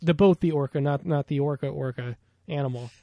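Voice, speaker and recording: A man's voice: fairly high pitch, fairly quick, no echo, dull audio. An American man co-hosting a casual movie podcast, rambling with lots of fillers. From United States. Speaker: podcast co-host.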